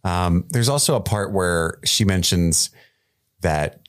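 Guy on a podcast, lowish voice, swears a lot, jokey recap talk. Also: takes it slowly. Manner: animated, profane, jokey. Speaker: podcast co-host. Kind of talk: casual chat reviewing a TV episode.

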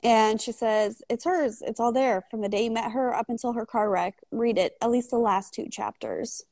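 A woman's voice: on the high side, steady tone, a little mellow, dry recording, studio quality. Blunt, casual woman co-host. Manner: casual and blunt, quick plot recaps, swears. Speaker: podcast co-host. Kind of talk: casual book discussion.

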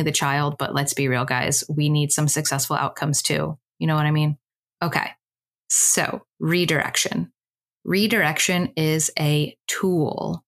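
A woman's voice: sits low, fairly bright tone. A woman in her thirties hosting a parenting podcast solo, chatty and candid with casual asides. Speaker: podcast host.

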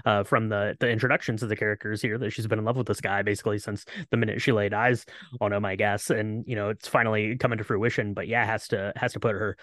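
A man's voice: lowish voice, little pitch movement, fast, a bit bright, dry recording. Rambling man podcast co-host, dry sound. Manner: rambling, many fillers and restarts. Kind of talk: casual movie and cocktail chat.

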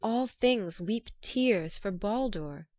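A woman's voice: mid-range voice, lively intonation, takes it slowly, a little mellow, no room sound, studio quality. A woman voicing a determined young male messenger rider, speaking earnestly in formal, old-fashioned phrasing. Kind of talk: storybook reading.

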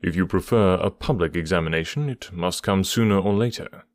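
Man doing a sharp detective, low voice, measured and dryly ironic, dry close sound. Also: no echo. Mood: probing. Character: brisk, sharp-witted male detective, dry and probing.

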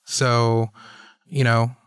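A man's voice: mid-range voice, level tone, drawn-out words, smooth. A man hosting a casual interview, who talks in a rambling way with many restarts. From Atlanta, US South. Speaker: podcast host.

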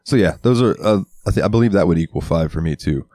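A young man with a low, deep voice co-hosts a podcast in loose, casual chat, swearing freely as he tells animated stories. He talks close into a headset mic, and the sound is dry with no room echo. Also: fast talker. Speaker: podcast co-host.

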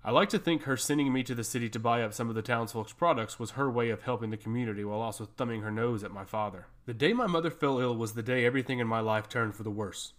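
A man narrating a first-person fantasy story in a steady, measured reading. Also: mid-range voice.

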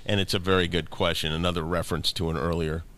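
A man's voice: sits low, little pitch movement, fast talker, fairly bright tone. A man co-hosting a casual podcast, teasing his co-hosts and reading out listener questions. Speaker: podcast co-host. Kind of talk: casual chat.

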